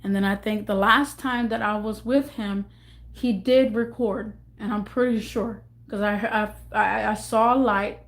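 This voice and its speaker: A young woman vlogger telling an emotional storytime, halting and repeating herself as she rambles through it. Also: mid-range voice, steady tone.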